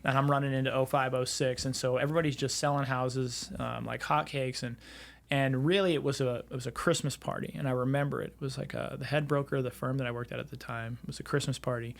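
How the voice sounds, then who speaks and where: Gravelly-voiced man telling his story. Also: medium pitch, steady tone, fast. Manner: rambling storyteller, many fillers and restarts. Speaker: podcast guest, real estate entrepreneur. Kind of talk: casual podcast conversation.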